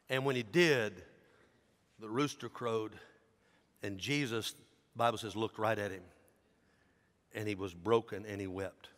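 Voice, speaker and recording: A man, a pastor preaching a sermon in an animated, dramatic storytelling manner. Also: lowish voice, a little slow, pauses often. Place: large church sanctuary. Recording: long church hall reverb.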